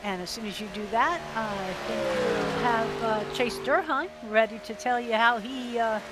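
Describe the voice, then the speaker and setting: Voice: medium pitch, unhurried, heavy background noise. A co-commentator on a sim racing broadcast, giving short, teasing replies and updates.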